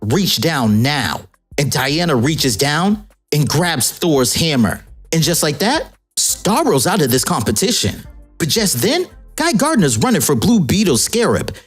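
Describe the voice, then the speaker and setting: A woman recaps a comic event playfully and casually. Her voice is low and husky. Her pitch swings widely, and faint music plays underneath. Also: sing-song, a little slow. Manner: playful, jokey. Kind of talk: animated casual storytelling.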